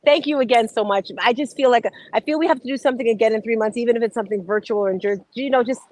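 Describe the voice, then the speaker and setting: A woman hosting a morning motivation show, talking in a bubbly, exclamatory, rapid-fire way. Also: fairly high pitch, a little mellow, rough recording. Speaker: host. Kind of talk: casual motivational chat.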